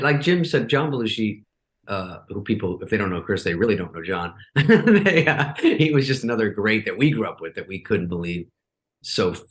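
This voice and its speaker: A middle-aged man, a guest on a talk show, telling stories in a relaxed, chatty way and jumping into higher voices to act out what others said. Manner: animated, acts out quotes in raised voices. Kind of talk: casual interview storytelling.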